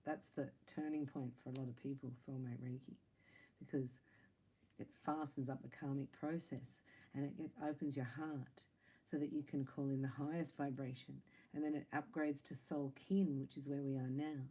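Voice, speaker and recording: Female psychic reader, low mellow voice, chatty and playful with laughs. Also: flat delivery, moderate pace, slightly rough, poor audio. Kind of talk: casual spiritual reading to camera.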